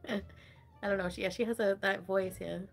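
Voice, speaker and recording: A woman's voice: medium pitch, fairly even intonation, normal speed, vocal fry. A woman streamer in casual livestream chat, gossiping with lots of giggles, swearing and "like" fillers. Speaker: online streamer.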